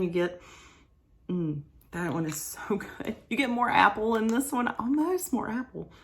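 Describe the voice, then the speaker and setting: Woman, casual reviewer, enthusiastic, mid-pitched voice, loves repeating herself for emphasis. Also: fairly bright tone. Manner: reads product descriptions aloud. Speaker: product reviewer.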